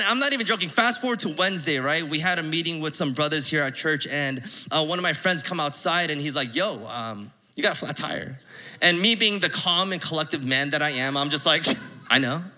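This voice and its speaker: A young man telling a lively personal story at church, laughing and acting out his own reactions. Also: on the high side, moderate pace. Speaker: church speaker sharing a testimony. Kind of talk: sermon storytelling.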